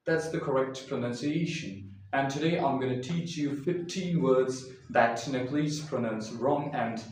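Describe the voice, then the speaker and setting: A man teaching English pronunciation, saying each word slowly and repeating it several times so the listener can copy him. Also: mid-range voice. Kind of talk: slow, deliberate pronunciation lesson. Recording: echoey room, distant mic, faint hiss.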